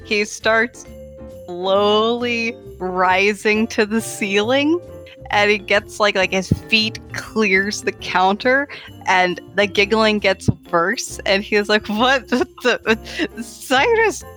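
Slow-talking, giggly woman narrating. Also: mid-range voice, faint music behind. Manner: giggly, animated storytelling. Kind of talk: narrating a tabletop game.

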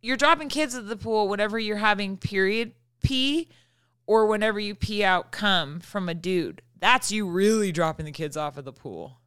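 A young woman with a bright, forward voice chats candidly as a co-host. She laughs often and slips into acted-out quotes as she tells stories. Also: medium pitch, lively intonation, moderate pace, clean tone. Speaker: podcast co-host. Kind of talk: casual chat.

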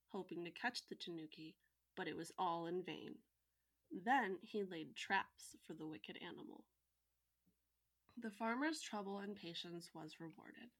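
Woman host narrating a folktale, steady read with wry asides. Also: medium pitch. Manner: even storytelling read, joking asides. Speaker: podcast co-host and storyteller. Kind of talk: reading a folktale aloud with asides.

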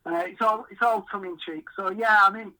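Chatty bright-voiced English man. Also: high-pitched, fairly even intonation, a little fast, rough recording. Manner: chatty, self-deprecating, rambling anecdotes with quoted dialogue. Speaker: podcast guest, fishery owner. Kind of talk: casual storytelling.

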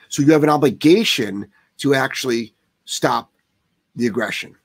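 A man's voice: medium pitch, moderate pace, creaky, slightly rough. A man who trains dogs, answering viewer questions live in a blunt, profane way that heats up into rants. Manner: blunt, swears often, heated rants.

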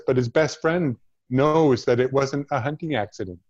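A man, an actor, telling a personal story in an interview, reflective and halting, with frequent restarts. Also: medium pitch, darkish tone, highs cut off. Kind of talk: storytelling in conversation.

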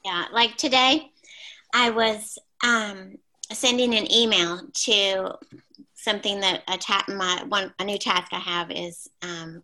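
A woman's voice: lowish voice, pushed and bright, poor audio. A woman on a podcast casually sharing a work story, thinking aloud with some hesitation. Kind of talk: casual chat.

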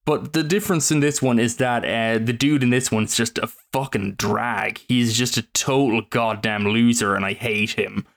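A man co-hosting a podcast, chatting casually about films, animated and quick to swear and laugh. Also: mid-range voice, gravelly. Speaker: podcast co-host. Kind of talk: casual film review chat.

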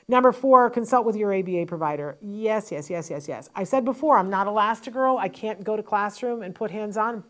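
A woman hosting a parent advice show, talking emphatically and quickly with frank asides into a studio microphone. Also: medium pitch. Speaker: host and parent advocate.

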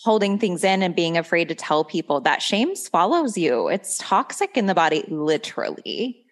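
A woman's voice: fairly low pitch, very animated, moderate pace. A young woman hosting a podcast in casual chat, laughing often and filling talk with "like". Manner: chatty, laughs often, says like a lot. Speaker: podcast host.

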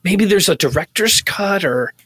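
A man with a bright, tense voice performs an improv comedy scene. He plays sheepish and stammers through his lines. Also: high voice, expressive, normal speed, slightly rough, no room sound.

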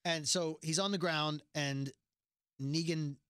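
A man talking through a show recap in casual, animated chat, slipping into playful voices for quotes. His voice sits high and sounds bright and clear. The sound is dry and close. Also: slow, dry recording. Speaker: podcast co-host.

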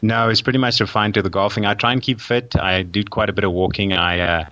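A man from South Africa with a South African accent, a coach interviewed as a guest, relaxed and self-deprecating. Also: on the low side, quick pace, dry recording, muffled recording.

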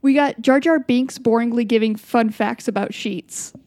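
Young woman host, playful, swears a lot, dry close sound, fairly high voice. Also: normal speed, darkish tone, no echo. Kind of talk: casual game show chat.

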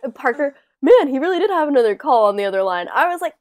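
A young woman co-hosting a podcast, telling a story in a casual, animated way, full of "like" and acted-out quotes. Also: high-pitched, fast. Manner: animated storyteller, lots of "like", acts out overheard lines. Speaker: podcast co-host. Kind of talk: casual chat.

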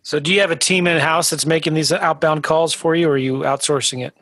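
Higher-voiced man asking questions. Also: fairly even intonation, brisk, a bit bright, no room sound. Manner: asks probing questions, jokey. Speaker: podcast host. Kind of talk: casual interview questions.

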